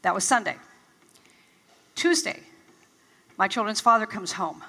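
In a reverberant large event hall, the older motivational speaker talks to a live audience in a medium-pitched, pushed, bright voice, going a little slowly. She shares stories and acts out how she once reacted, with plenty of animation.

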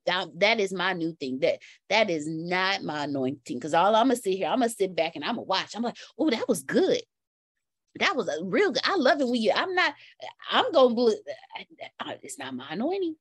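A woman hosts a casual online call, her pitch bouncing around as she laughs and repeats her favorite phrases. The sound is dry and close, with no room echo. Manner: laughing, playful, repeats catchphrases. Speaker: host of an online community call. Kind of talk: casual chat.

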